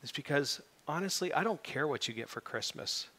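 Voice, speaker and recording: Middle-aged male pastor, bright forceful tone, reverberant church hall, animated sermon delivery. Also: on the high side, a little fast, breathy edge. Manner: animated preaching, rising to loud emphatic peaks. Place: church sanctuary.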